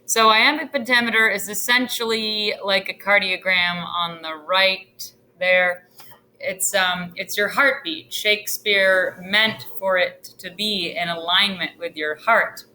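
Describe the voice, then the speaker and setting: A woman teacher giving a recorded screencast lesson in a deliberate, teacherly way with occasional fillers. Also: mid-range voice, steady tone, bright, forceful tone, a little hiss or hum. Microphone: computer screen recording.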